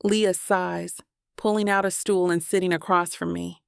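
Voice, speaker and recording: Gravelly woman narrating a romance audiobook. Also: on the low side, steady tone, a little slow, no room sound, studio quality. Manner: intimate, reflective.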